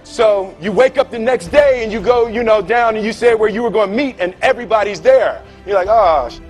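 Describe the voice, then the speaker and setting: A man telling a story to a live audience, animated, acting out voices and laughing often. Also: sits high, a little fast, faint music behind. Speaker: speaker. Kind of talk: storytelling talk.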